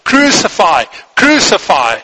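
Insistent male religious leaders read by a man, raised voice, husky, bright tone. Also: high voice, sing-song, fairly quick, exaggerated voice, low-quality recording.

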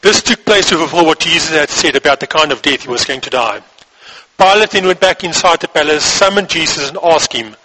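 A man's voice: fairly high pitch, normal speed, bright, forceful tone, slightly rough, rough recording. A man reading scripture aloud and breaking off to explain it, with occasional restarts. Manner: reads, then breaks off to explain.

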